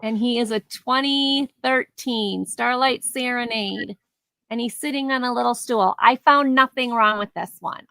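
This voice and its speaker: Woman, rambling live-sale seller; higher voice, dry close sound. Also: fairly bright tone, dry recording, poor audio. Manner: chatty, rambling, laughs easily. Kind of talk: casual live auction chat. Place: home, near her garage.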